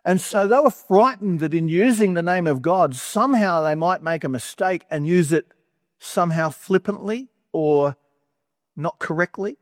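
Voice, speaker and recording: A man preaching a sermon in a conversational way, with wry asides and animated emphasis. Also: fairly high pitch, moderate pace, no room sound, clean studio sound.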